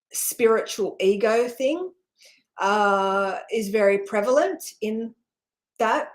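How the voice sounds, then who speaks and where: A middle-aged woman hosting a spiritual channel, talking casually and rambling, with many fillers and frequent laughs. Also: medium pitch.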